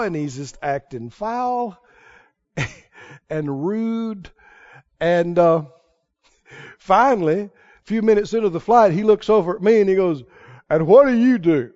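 High, lively folksy male preacher. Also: slow, long pauses. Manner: folksy storytelling, rising to emphatic exhortation. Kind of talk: sermon. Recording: dull lo-fi sermon recording.

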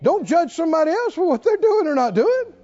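A man's voice: extremely high pitch, very animated, fairly quick, warm tone, lo-fi sound. A man preaching a sermon, emphatic and driving his points home with repeated rhetorical questions.

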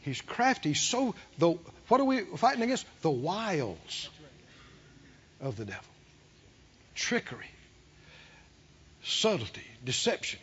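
A man preaching a sermon, fervent and rising to emphatic shouts. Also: fairly high pitch, slightly rough. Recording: dull lo-fi sermon recording.

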